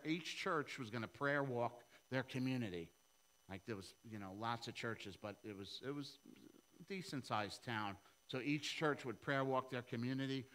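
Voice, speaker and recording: A middle-aged man, preaching a sermon and telling a story, acting out the dialogue with lively voices. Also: medium pitch, poor audio. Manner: animated storytelling, acts out dialogue in a raised voice. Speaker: pastor.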